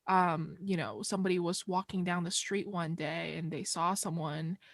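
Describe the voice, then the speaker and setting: A woman who grew up in China, telling a story in casual chat with many fillers and pauses. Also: lowish voice, fairly even intonation, no echo, studio quality.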